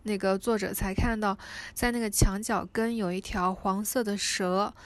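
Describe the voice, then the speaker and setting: A woman reading and retelling a storybook aloud, hesitant with frequent fillers and restarts. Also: mid-range voice.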